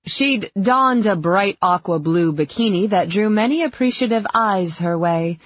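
A woman narrating a novel in the first person, relaxed and lightly playful. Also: medium pitch, unhurried, dry recording, highs cut off. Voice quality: husky. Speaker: audiobook narrator.

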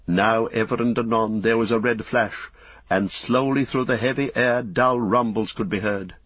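A man narrating an audiobook in an even, steady storytelling voice. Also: mid-range voice, normal speed, breathy edge, dry recording, dull audio. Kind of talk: scripted narration.

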